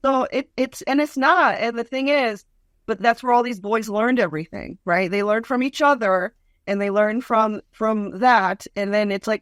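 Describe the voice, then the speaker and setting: A woman's voice: a little high, moderate pace, dry recording, studio quality. A woman stand-up comedian telling stories bluntly as a talk-show guest, with lots of "like" and acted-out quotes. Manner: blunt, animated storytelling with lots of "like". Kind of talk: casual talk-show chat.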